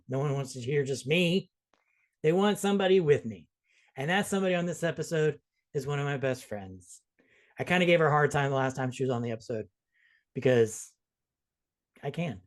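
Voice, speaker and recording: A man hosting a casual movie review podcast, joking and talking in quick bursts with restarts. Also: mid-range voice. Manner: jokey, quick, restarts often. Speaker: podcast host.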